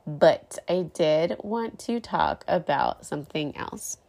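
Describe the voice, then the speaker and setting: A woman's voice: low-pitched, lively intonation, takes it slowly, darkish tone. A woman in her thirties hosting a casual personal podcast, talking candidly and emotionally with lots of "like" and "um" fillers. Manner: chatty, many "like" and "um" fillers. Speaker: podcast host.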